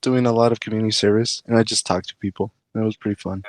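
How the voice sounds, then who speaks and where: A man's voice: on the low side, fairly even intonation, very fast, no room sound. A young man guesting on a casual podcast, telling a story in an easygoing way with lots of fillers. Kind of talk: casual chat.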